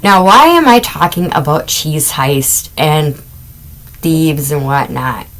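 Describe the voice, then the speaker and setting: Casting note: middle-aged woman, podcast host, unhurried chatty storytelling, lower voice. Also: expressive, poor audio. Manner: chatty, wandering asides, amused laughs. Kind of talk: casual true-crime podcast storytelling.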